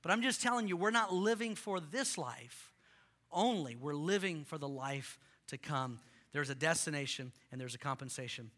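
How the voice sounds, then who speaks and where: A male pastor preaching a sermon to a congregation, impassioned, swinging from loud rallying lines to quiet earnest ones. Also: on the high side, expressive, normal speed.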